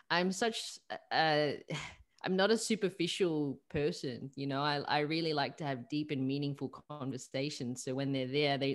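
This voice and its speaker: A woman holistic coach, a guest speaking over a video call, telling stories and acting out what her clients said. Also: low voice. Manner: animated storyteller, acts out quoted clients.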